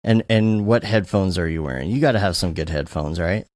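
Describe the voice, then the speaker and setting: A man hosting a casual podcast interview, asking quick, chatty questions. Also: sits low, a little mellow, no room sound, studio quality. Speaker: podcast host.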